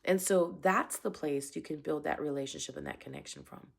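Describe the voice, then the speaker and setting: A middle-aged woman with a lowish voice and a gravelly edge talks straight to the viewer as a parenting coach. She is earnest and plainspoken, and often pauses to ask "right?" in a casual advice chat. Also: wildly swooping pitch. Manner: earnest and plainspoken, with many "right?" check-ins. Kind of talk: casual advice talk to camera.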